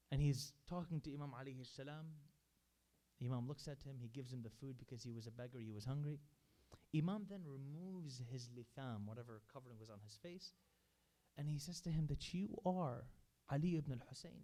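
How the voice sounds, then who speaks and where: A majlis speaker addresses a religious gathering in a center hall, recounting stories with quoted speech in an earnest sermon. He has a warm, mid-range voice.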